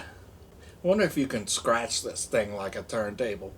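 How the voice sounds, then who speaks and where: A man's voice: on the low side, animated, unhurried, a little hiss or hum. A man in his forties, rambling goofily through an unboxing vlog, mumbling and joking to himself. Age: 40s. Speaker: unboxing vlogger.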